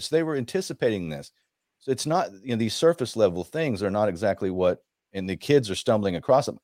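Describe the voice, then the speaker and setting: Halting low-voiced man hosting a panel. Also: a little mellow, dry recording, studio quality. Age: 40s. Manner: halting, with frequent restarts and stumbles. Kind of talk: conversational panel discussion.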